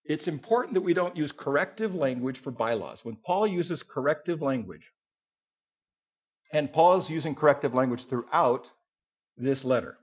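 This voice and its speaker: Male Bible teacher, husky, higher voice with a lively swinging pitch, folksy teaching manner, dull lo-fi recording. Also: moderate pace. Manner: conversational, folksy, with asides and sudden loud outbursts. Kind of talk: sermon teaching to a group.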